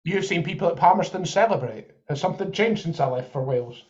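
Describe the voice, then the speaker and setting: A man's voice: fairly high pitch, animated, quick pace, a little mellow, dull audio. A man co-hosting a podcast, chatting about football and thinking aloud with examples. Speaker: podcast co-host. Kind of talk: live football watchalong chat.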